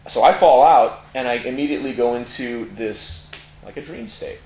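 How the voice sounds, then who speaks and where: A man's voice: mid-range voice, lively intonation, moderate pace, darkish tone. A middle-aged Californian man, a tattoo parlor owner, candidly telling his life story in an interview with many fillers. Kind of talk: personal testimony in conversation. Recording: echoey room, faint noise.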